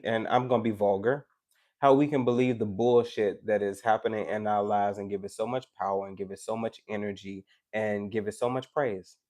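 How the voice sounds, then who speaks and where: A man giving a tarot live stream, talking casually and animatedly to his chat, preachy and joking. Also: fairly low pitch. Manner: animated, preachy and joking, with teasing asides to viewers.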